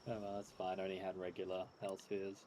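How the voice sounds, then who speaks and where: A man's voice: low voice, monotone, a little fast, darkish tone, a little hiss or hum. A man streaming a game with his wife, laid-back and joking, laughing often. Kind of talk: casual gameplay chat.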